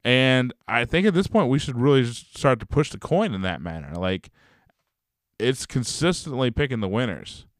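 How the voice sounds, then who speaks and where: A man co-hosting a casual sports podcast, talking in an animated, exasperated way and swearing often. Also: medium pitch, normal speed, dry recording, studio quality. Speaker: podcast co-host.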